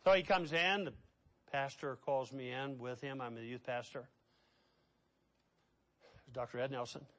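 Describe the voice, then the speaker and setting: A middle-aged man preaching a sermon as pastor. He swings between hushed, quiet passages and loud, impassioned ones. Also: mid-range voice, fairly even intonation, unhurried, long pauses.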